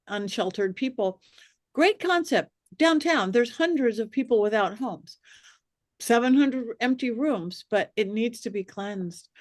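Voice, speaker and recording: A woman with a fairly high voice, speaking as a psychic medium who is a guest on a podcast. She tells her stories with animation and slips into the voices of the people in them. The sound is dry and close, with no room echo. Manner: lively, acts out quoted voices. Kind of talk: animated storytelling in a podcast interview.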